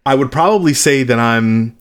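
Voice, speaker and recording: A man's voice: mid-range voice, lively intonation, normal speed, clean tone. A man in his late thirties, a musician being interviewed, speaking candidly and reflectively, sometimes blunt. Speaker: musician guest. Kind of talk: interview conversation.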